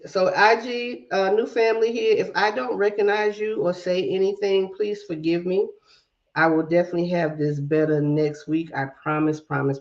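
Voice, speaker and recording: A woman's voice: low-pitched, a little mellow, highs cut off. A woman with a mix of Southern drawl and Brooklyn accent hosting a casual livestream, greeting viewers by name and talking herself through tech fixes. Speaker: livestream host.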